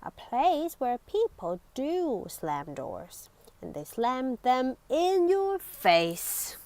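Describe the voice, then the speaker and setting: Slow, lively woman reading to children. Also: high voice, rough recording. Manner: expressive, with dramatic whispers and exclamations. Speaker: storybook reader. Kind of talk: reading a children's picture book aloud.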